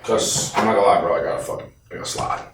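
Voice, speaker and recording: Racing along in a low voice with slight background noise, a former team member gives an interview account full of swearing. He's blunt and animated, imitating what others said, and the sound is echoey with the mic placed at a distance.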